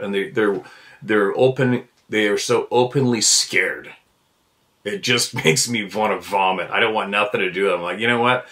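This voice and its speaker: A man's voice: fairly low pitch, normal speed, sharp tone. Blunt, cursing man on a fired-up rant. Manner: blunt and profane, repeats himself. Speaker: podcast host. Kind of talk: fired-up ranting monologue.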